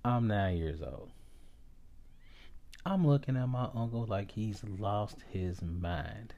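A man in his forties from Ohio tells a personal story on his podcast in a slow, unhurried way. His voice sits low and sounds dark and mellow. He often stops and restarts his sentences. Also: lively intonation, highs cut off. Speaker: podcast host.

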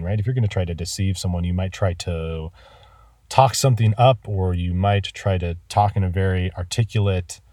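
A man teaching a vocabulary lesson, enthusiastic about words and spelling them out slowly. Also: lowish voice, dark tone, husky, dry recording, clean studio sound, distant mic.

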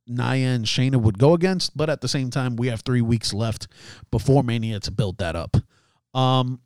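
A man's voice: mid-range voice, darkish tone, clear, resonant tone, no echo, clean studio sound. A man hosting a casual solo commentary show, chatty, laughing at himself and restarting his sentences often. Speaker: podcast host.

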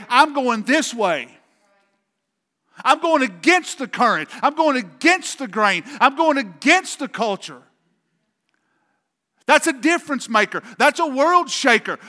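A man's voice: extremely high pitch, bright, forceful tone, long reverb tail. A man pastor preaching a sermon with an emphatic, repetitive cadence, speaking in a church sanctuary.

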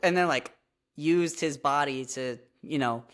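Podcast co-host, middle pitch, chatty and animated, casual fan chat. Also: a little slow. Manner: chatty and animated, many fillers of "like".

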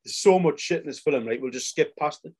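A man co-hosting a podcast, telling a film plot in fast, sweary casual chat. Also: fairly high pitch, lively intonation, darkish tone, husky. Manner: fast, sweary storytelling with 'aye' and 'right?'. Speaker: podcast co-host.

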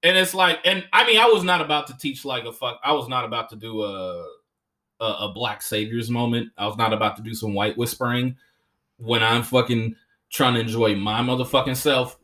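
A young man hosting a podcast, telling stories in an animated way, swearing often and slipping into voices. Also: mid-range voice, brisk. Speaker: podcast host and comedian. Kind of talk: casual chat.

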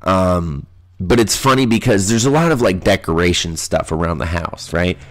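A man's voice: low voice, normal speed. A man from the Midwest with a nasal, stuffed-up voice, hosting a solo podcast in a crude, profane, ranting way. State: stuffy nose from allergies. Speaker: podcast host. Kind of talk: casual solo podcast monologue.

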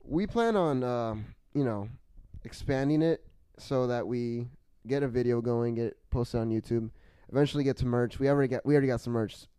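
A man's voice: mid-range voice, brisk, hardly any pauses, mellow, smooth, dry recording. A young man guesting on a podcast, chatting casually and playfully, often hamming it up. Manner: joking, playfully over-dramatic. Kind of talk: casual chat.

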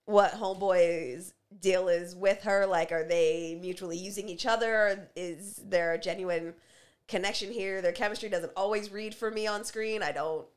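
A woman co-hosting a casual podcast chat, playful and wry, quick with a joke. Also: medium pitch, steady tone. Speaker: podcast co-host. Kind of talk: casual chat reviewing a TV show.

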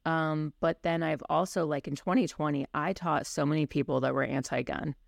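A woman with a heavily gravelly, fry-laden voice talks bluntly in a relaxed podcast chat. The sound is close and dry, with no room around it, and she peppers her points with casual fillers. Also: low voice, moderate pace, no room sound. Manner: candid and blunt, many fillers like "you know". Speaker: podcast co-host and firearms instructor.

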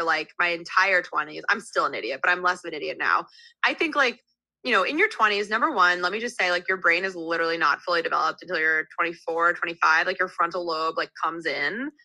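A woman in her thirties appears as a guest on a podcast, chatting casually and telling stories with candid animation and lots of "like." Her voice is on the low side, and the recording is rough but has no room sound.

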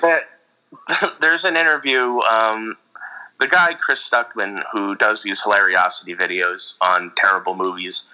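A man co-hosting a casual podcast, rambling through an animated story with frequent laughs. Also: on the low side, a little slow, poor audio. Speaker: podcast co-host. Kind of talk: casual chat.

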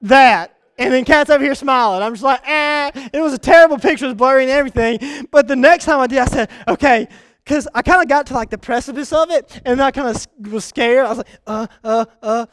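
A man preaching a sermon, telling a rambling personal story with sudden excited bursts. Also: extremely high pitch, fast talker, smooth, dry recording. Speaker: pastor.

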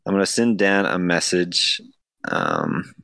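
A man hosting a casual podcast in a low voice and at a very unhurried pace. He explains a word game with hesitant restarts and laughs at his own slips. The recording is dry and close. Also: huge pitch swings, creaky, pushed and bright, clean tone, no echo. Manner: slow, hesitant, laughs at himself. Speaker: podcast host running a game. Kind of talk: casual group chat.

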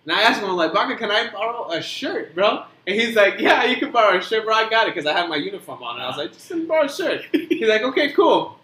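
A man's voice: high voice, very animated, fast talker, few pauses, bright, forceful tone, roomy sound. A man telling a rambling, profane story among friends, acting out quoted dialogue and swearing constantly. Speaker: podcast co-host telling a story.

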